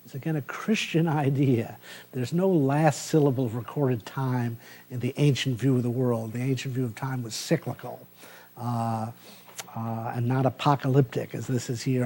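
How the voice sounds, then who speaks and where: A male university professor lecturing in a warm, mellow voice at an ordinary pitch. He talks thoughtfully and pauses often on "uh" as he works through his ideas. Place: lecture hall.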